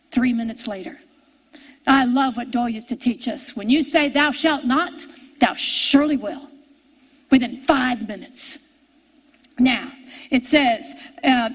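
A middle-aged woman preacher telling a personal story in a sermon, animated and repeating key phrases for emphasis. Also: high-pitched, measured pace, poor audio.

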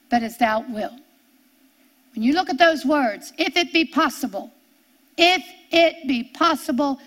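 A woman preaching a sermon, reading scripture slowly and drawing out her words. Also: high voice. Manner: slow, drawn-out scripture reading.

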